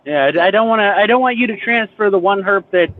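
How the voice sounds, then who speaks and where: A man's voice: sits high, fast talker, dry recording. A man co-hosting a stream, complaining bluntly and bantering crudely. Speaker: stream co-host. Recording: tinny phone-like audio.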